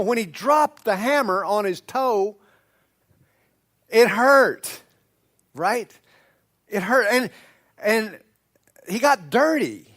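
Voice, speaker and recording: A man's voice: high voice, a bit bright. A man pastor preaching a sermon in a church, conversational, stretching out key words and restarting sentences. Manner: conversational, drawn-out emphatic words, frequent restarts. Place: church sanctuary.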